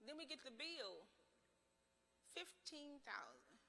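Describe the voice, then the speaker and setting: Impassioned woman, ringing bright voice. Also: sits high, very animated, slow, creaky, a little hiss or hum. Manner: impassioned, storytelling, rhetorical questions. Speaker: political candidate. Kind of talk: campaign speech. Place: large church sanctuary. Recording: long church hall reverb.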